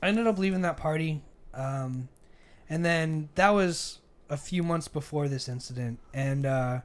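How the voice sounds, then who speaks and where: A podcast co-host in his twenties from Arizona tells a story over beers in a high-sided, unhurried voice. He acts out the argument in quoted voices and gets heated as he goes, animated throughout the casual chat.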